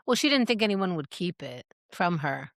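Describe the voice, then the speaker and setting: A woman co-hosting a podcast in casual chat, animated and self-mocking, laughing often. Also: fairly low pitch, normal speed, dry recording, studio quality. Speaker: podcast co-host.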